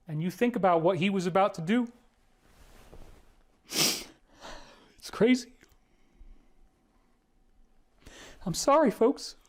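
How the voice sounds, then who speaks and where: A middle-aged man with a fairly high voice talks in a long, rambling monologue. He shifts between quiet, hushed asides and heated exclamations. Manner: emotional, swings from hushed to exclaiming. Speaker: speaker on conspiracy theories.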